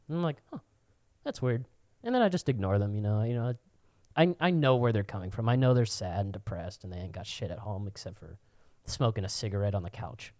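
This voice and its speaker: A man's voice: mid-range voice, a little mellow, no echo. Guy ranting and swearing on a podcast, mid voice, dry. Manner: profane, ranting storyteller. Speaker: podcast co-host. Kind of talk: casual podcast chat.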